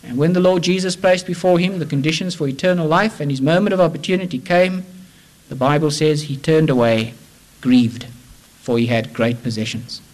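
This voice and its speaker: A man preaching an evangelistic sermon, impassioned and repetitive, swinging from raised urgency down to hushed, low phrases. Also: moderate pace, rough recording. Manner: impassioned, with repeated rhetorical appeals.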